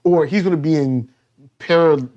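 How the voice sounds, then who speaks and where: A man co-hosting a casual TV review chat, animated and joking, and he keeps acting out scenes in silly voices. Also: on the high side, normal speed, lo-fi sound. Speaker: podcast co-host.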